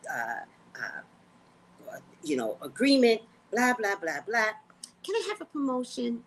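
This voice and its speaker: A woman hosting a casual livestream, talking to her viewers in a blunt, profane, animated way. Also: on the high side, a little slow, a little hiss or hum, poor audio. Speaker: psychic reader and livestream host.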